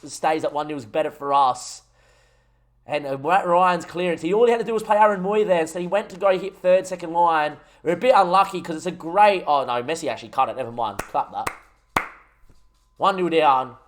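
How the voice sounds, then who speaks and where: A young Australian man streaming a football management game, commentating the match live and getting excited at goals while talking to his chat. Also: a little high, fairly quick. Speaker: gaming streamer.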